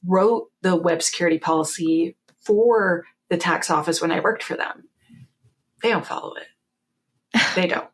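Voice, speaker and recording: Lively Canadian woman with a low voice. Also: moderate pace. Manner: animated, laughs often, quotes herself wryly. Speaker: guest, security author. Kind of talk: casual interview storytelling.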